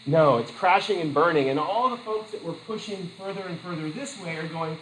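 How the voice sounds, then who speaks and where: A man teaching a class, telling chatty stories with asides and quick laughs. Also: on the high side, fairly bright tone, roomy sound, a little hiss or hum, poor audio. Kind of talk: classroom lecture with anecdotes.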